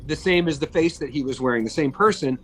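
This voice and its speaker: A man's voice: a little high, quick pace, a bit bright, soft background music, poor audio. A man in his fifties, a guest in a casual interview, telling stories about his work in a chatty way with many fillers and restarts. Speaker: guest, makeup effects artist.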